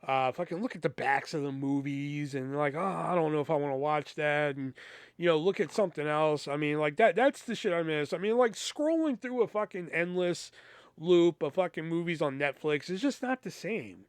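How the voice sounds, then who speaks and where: A man's voice: on the high side, normal speed, smooth, no room sound, studio quality. A man hosting a podcast, telling a casual, profanity-laced story and acting out both sides of the conversations. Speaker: podcast host.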